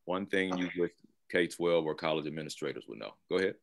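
A man moderating a panel discussion over a video call, relaxed and conversational. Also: sits low, fast, creaky. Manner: relaxed and conversational, with occasional laughs.

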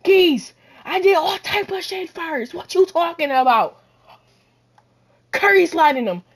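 A woman giving loud, boastful trash-talk commentary while playing a basketball video game, often shouting. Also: very high-pitched, lively intonation, measured pace. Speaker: gamer. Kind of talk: live gameplay commentary.

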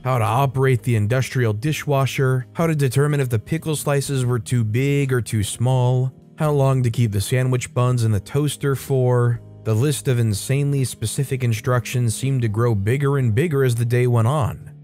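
A man narrates a first-person workplace story in a wry, exasperated way, his pitch sitting in a middle range. Quiet music plays faintly behind him throughout. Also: fairly even intonation, normal speed, few pauses. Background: faint background music.

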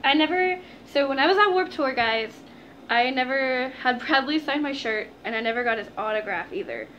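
A woman's voice: high voice, animated, normal speed, fairly bright tone, highs cut off, a little hiss or hum. A young woman chatting to her viewers in a casual unboxing vlog, gushing and giggling, calling them "guys". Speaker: vlogger.

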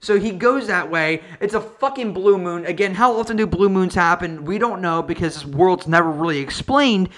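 A man's voice: sits high, moderate pace, few pauses, fairly bright tone. A man giving a sarcastic, profane comedic movie review rant as an online video reviewer.

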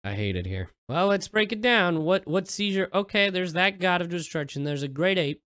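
A man's voice: high voice, animated, moderate pace, a bit bright, dry recording, clean studio sound. A man hosting a reaction video in casual commentary, exasperated and swearing, with sarcastic asides.

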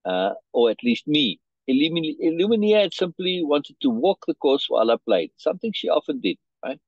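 A man's voice: a little high, sing-song, fairly quick, husky, dry recording, highs cut off. A man reading a story aloud and explaining it to a learner, checking in often and restarting his phrases. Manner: restarts and repeats words. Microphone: video call.

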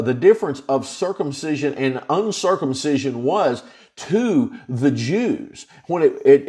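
A male pastor leads an informal Bible study, paraphrasing scripture in a folksy, everyday manner. His voice sits fairly high for a man and swoops up and down with lively expression. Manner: folksy, animated retelling with plain-spoken paraphrases.

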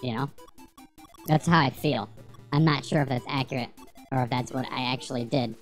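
A woman's voice: very deep voice, normal speed, faint music behind. A woman streaming a retro game, rambling, swearing and joking with her chat as she plays. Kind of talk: casual livestream gameplay commentary.

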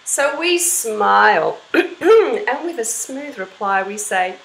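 A woman's voice: fairly high pitch, animated, takes it slowly, vocal fry, echoey room, slight background noise, low-quality recording. A woman from Australia teaching an online voice class for kids in an encouraging, storytelling manner. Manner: bright, encouraging teacher voice, storytelling with sung-out examples.

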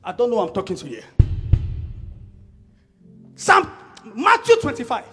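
A middle-aged man with a Nigerian accent preaching a sermon, emphatic and shouting, repeating his key phrases. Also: very high-pitched, huge pitch swings, moderate pace, pauses often, breathy edge, faint music behind.

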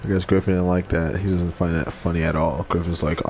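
A man's voice: sits low, little pitch movement, a little fast, hardly any pauses, a little mellow, slight background noise. A man giving playful let's play commentary, joking and talking to his pets while he games. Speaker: game streamer.

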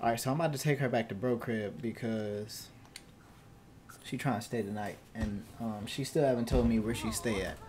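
A young man hosting a gaming channel, giving casual let's-play commentary in loose slang with bursts of loud excited shouting. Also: on the low side, moderate pace, a little hiss or hum.

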